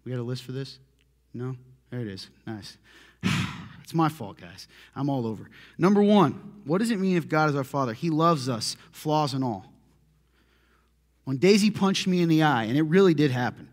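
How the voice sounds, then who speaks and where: Animated, slightly high-voiced male preacher. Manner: animated storytelling, self-deprecating, laughs often. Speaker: pastor. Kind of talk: conversational sermon.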